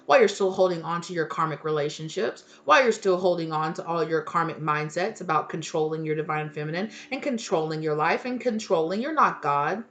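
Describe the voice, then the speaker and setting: A woman's voice: deep voice, fairly quick, hardly any pauses, fairly bright tone, dull audio. A woman giving a casual tarot reading, blunt and emphatic, swearing freely and repeating her points. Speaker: tarot reader.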